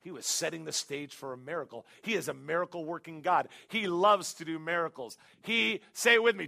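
A man preaches a sermon, telling jokey stories and breaking into animated, shouted bursts. His voice sits high and carries a gravelly edge. The tone is bright and sharp. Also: fairly quick, hardly any pauses. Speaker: pastor.

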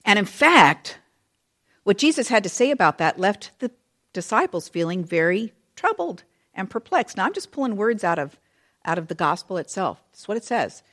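A middle-aged woman delivers a sermon in a storytelling way, her pitch rising and falling with lively range. She acts out the people in the story and talks straight to the children. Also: normal speed. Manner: animated storytelling, acting out quoted voices; speaks to children in the audience. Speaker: preacher.

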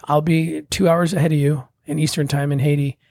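A middle-aged man telling a personal story in a casual, animated way, acting out the voices of the people in it. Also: fairly high pitch, a little fast, gravelly, no room sound. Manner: animated, acts out quoted voices. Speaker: guest telling his story.

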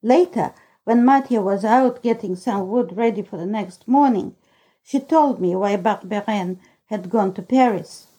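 Slow, mellow woman reading a storybook. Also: medium pitch. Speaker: audiobook reader. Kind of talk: scripted storybook narration.

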